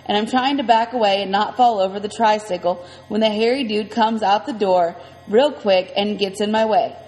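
A woman's voice: medium pitch, normal speed, a little mellow. A woman reading a first-person story aloud in a conversational, vivid way. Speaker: audiobook reader. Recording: long reverb, faint music.

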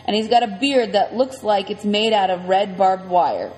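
A woman's voice: medium pitch, expressive, moderate pace, a little mellow. A woman reading a first-person story aloud in a conversational, vivid way. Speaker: audiobook reader. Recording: long reverb, faint music.

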